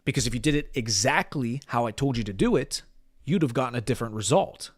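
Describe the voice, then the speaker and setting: A man's voice: mid-range voice, animated, fast, no room sound, clean studio sound. A man acting as a business mentor, giving a blunt motivational talk full of profanity and emphatic repetition.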